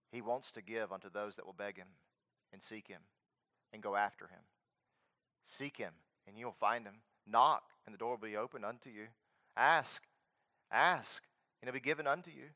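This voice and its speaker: A male preacher delivering a sermon, swinging between loud emphatic declarations and quiet earnest appeals. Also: lowish voice.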